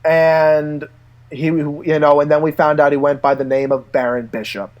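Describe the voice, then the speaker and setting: Male co-host with a high voice, an animated storyteller who laughs often. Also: moderate pace. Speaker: podcast co-host. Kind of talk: casual chat.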